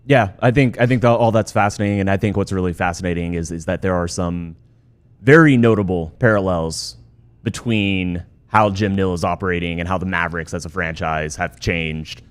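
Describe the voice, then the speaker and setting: A man's voice: sits low, a little fast, clear, resonant tone. A man hosting a sports podcast, chatting casually and reading ads with loose asides. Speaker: podcast host.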